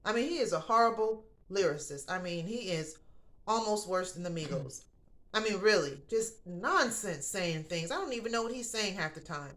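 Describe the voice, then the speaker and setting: A woman's voice: mid-range voice, expressive, moderate pace, fairly bright tone. A woman hosting a casual opinion show, blunt and profane, swearing freely and calling viewers honey and baby. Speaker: host.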